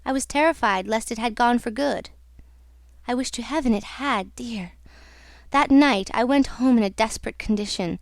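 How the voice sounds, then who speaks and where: A woman's voice: on the high side, normal speed, vocal fry, no room sound, studio quality. A woman reading an audiobook, voicing a young female opera singer who confides her story in an earnest, wistful way. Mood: confiding.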